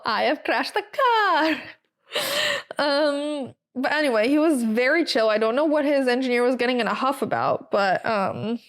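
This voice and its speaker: An American woman hosting a podcast, recapping in a chatty, casual way with many fillers and wry asides. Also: a little high. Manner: chatty, lots of ums and likes, wry asides. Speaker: podcast host. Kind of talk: casual solo recap chat.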